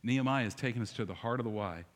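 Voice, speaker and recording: Male pastor, mid-range voice, lively sermon delivery full of direct questions to the room, long hall reverb. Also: mid-range voice, racing. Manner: animated, talks straight to the congregation with rhetorical questions. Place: church sanctuary.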